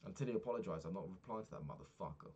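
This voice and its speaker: Low-voiced man ranting in a vlog. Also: animated, very fast, a little mellow, slight background noise. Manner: rambling, profane ranting. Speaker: vlogger. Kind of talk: casual diary vlog.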